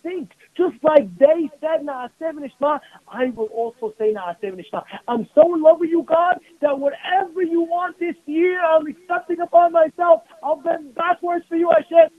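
A man's voice: very high voice, fairly even intonation, moderate pace, hardly any pauses, dry recording. A rabbi giving a passionate sermon, mixing Hebrew terms into his preaching. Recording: tinny phone-like radio broadcast.

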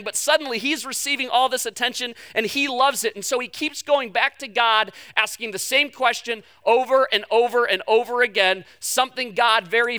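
A man's voice: very high voice, sharp tone, smooth. A man in his thirties preaching a sermon, conversational and emphatic, weaving family stories into a Bible passage. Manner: conversational, storytelling, emphatic on key points. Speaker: pastor.

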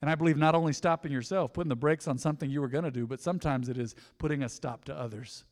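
A male pastor preaching a sermon emphatically, swinging from loud peaks down to hushed lines. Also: fairly high pitch, very fast. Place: church sanctuary. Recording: long church reverb.

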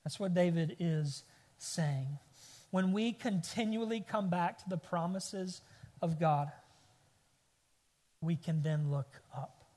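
A man's voice: fairly high pitch, a little mellow. A man in his thirties preaching a sermon, telling a family story with rising bursts of emphasis. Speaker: pastor. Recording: long hall reverb.

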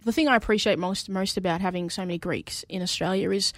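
A woman's voice: mid-range voice, quick pace, no room sound, studio quality. A woman co-hosting a sports radio show, bubbly and talkative, often tripping over her words. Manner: bubbly, stumbles and repeats words. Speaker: radio co-host. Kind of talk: casual radio chat.

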